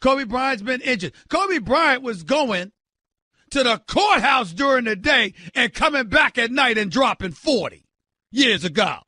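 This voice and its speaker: A man hosting a sports talk show, ranting loudly and emphatically with incredulous exclamations and direct calls to his listeners. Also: extremely high pitch, very animated, a little slow, no room sound. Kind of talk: sports radio rant.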